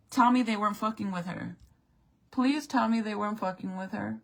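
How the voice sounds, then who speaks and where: Gravelly, heated woman ranting to camera. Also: medium pitch, moderate pace, a bit bright, low-quality recording. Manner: profane, exasperated, heated. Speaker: vlogger. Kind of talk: angry rant to camera.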